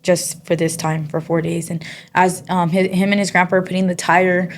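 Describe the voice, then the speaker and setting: A woman guest giving a personal testimony in casual conversation, soft-spoken and halting, with frequent pauses and fillers. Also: on the low side, level tone, slight background noise. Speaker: interview guest.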